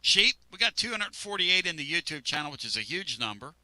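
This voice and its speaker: Bright-voiced sports radio host. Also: male voice, on the high side, brisk, no room sound. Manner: rambling, joking, animated. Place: radio studio.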